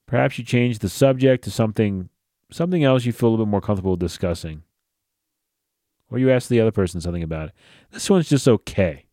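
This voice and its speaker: On his casual solo podcast, a tired, yawning host speaks in a low, mellow voice. He's blunt and swears freely, keeping things loose and conversational, and the recording is dry and close.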